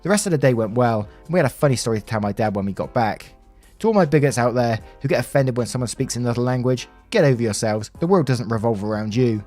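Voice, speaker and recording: Reading online stories with a conversational tone and the occasional wry aside, this narrator has a mid-range, slightly mellow voice. Faint music plays in the background.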